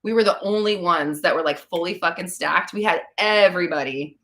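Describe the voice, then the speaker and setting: A woman's voice: lowish voice, brisk, a bit bright. A woman hosting a casual live stream, telling rambling, profane stories and laughing as she reads the chat. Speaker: podcast host answering live chat.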